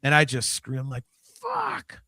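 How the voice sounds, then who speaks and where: A man of about fifty, hosting a podcast in casual chat, animated and swearing freely, swinging between mumbling asides and loud outbursts. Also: mid-range voice, moderate pace, no room sound, studio quality. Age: 50s. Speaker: podcast host.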